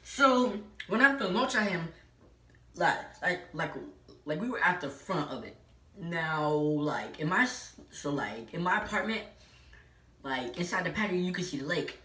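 A woman's voice: fairly low pitch, lively intonation, moderate pace, sharp tone. A woman vlogger telling a personal story in a casual, emphatic way, with many filler "like"s. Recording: echoey room, mic at a distance.

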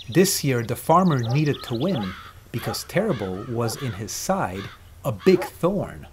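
A man reads a rhyming children's story aloud, his voice bouncing up and down in a sing-song way. The recording carries a faint hiss of background noise. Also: mid-range voice.

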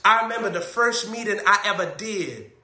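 A man's voice: high voice, lively intonation, normal speed, bright, forceful tone. Male preacher, livestream sermon, emphatic, repetitive, echoey room. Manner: emphatic and repetitive, hammering phrases.

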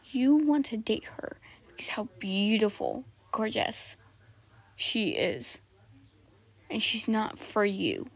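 A woman's voice: a little high, expressive, slow, creaky, pauses often, slightly rough, full character voice. A woman voicing a clingy, jealous young man in a fan audio role-play, pleading and then possessive.

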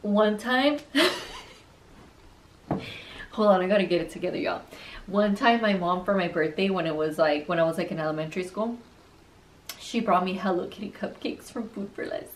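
A woman's voice: medium pitch, brisk, reverberant, a little hiss or hum. A young woman vlogger chatting casually through a haul video, bubbly and slangy, swearing freely.

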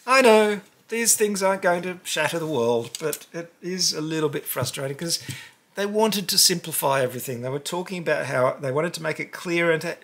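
A man hosting a casual unboxing video, talking in an animated way with exaggerated cheers and bursts of mock outrage. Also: a little high, slight background noise. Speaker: host.

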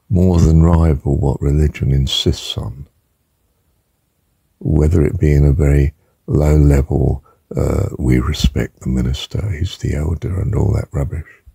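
Deep gravelly older man preaching slowly. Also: dry recording. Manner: emphatic, slow and deliberate, drops to a hushed whisper. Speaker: religious teacher. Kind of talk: spiritual talk.

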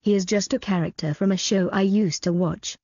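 A woman's voice: mid-range voice, steady tone, a little fast, a little mellow, breathy edge, dry recording, muffled recording. A woman voicing an outspoken teenage girl in an audiobook, with casual, blunt speech.

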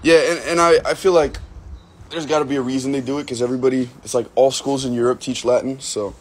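Young american guy rambling on a phone livestream, swears a lot, lots of likes and ums, mid pitch, bit of faint noise behind. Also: fairly even intonation, fast talker. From United States. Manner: rambling, profane, filler-heavy, joking. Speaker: livestream host. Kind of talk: casual livestream chat reading comments.

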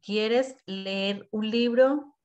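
A woman's voice: on the high side, very slow, darkish tone, lo-fi sound. A Spanish teacher from Colombia, a woman with a Colombian accent, leading short repeat-after-me drills over a video call. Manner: leads repetition drills, short phrases.

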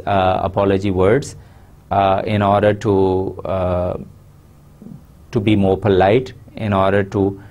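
Male lecturer, Pakistani accent, low-pitched, measured and explanatory delivery. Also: darkish tone. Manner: measured, explanatory, stresses key words. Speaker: university lecturer. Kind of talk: recorded lecture.

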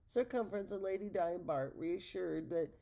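A woman reading a picture book aloud to listeners, in a gravelly voice. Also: lowish voice, normal speed, mellow. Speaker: storybook reader.

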